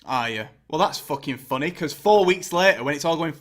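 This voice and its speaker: A man's voice: a little high, expressive, a little fast, hardly any pauses, fairly bright tone. A young man, ranting angrily and sarcastically about his football club, full of swearing. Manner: sweary, sarcastic, mocking impressions. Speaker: football fan vlogger. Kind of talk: angry ranting commentary.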